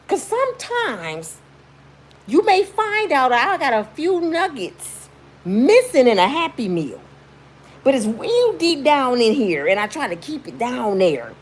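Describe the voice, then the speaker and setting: Animated, emphatic woman telling a story. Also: sits high, a little slow, slightly rough. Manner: emphatic, animated, slangy, acts out quotes in shrieks. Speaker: commentary vlogger. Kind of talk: casual storytelling commentary.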